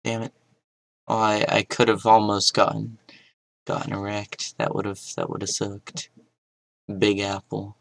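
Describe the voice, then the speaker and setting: A young man giving casual gameplay commentary, mostly mumbling to himself with sudden loud outbursts. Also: fairly low pitch, monotone, slow pace, gravelly, pauses often, no room sound, rough recording. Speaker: gaming YouTuber.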